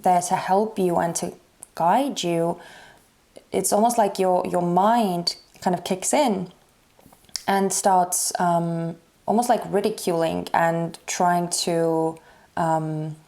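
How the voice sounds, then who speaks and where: A woman giving a casual tarot reading to her viewers, talking haltingly and searching for words with many fillers. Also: lowish voice, steady tone, dark tone. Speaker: tarot reader.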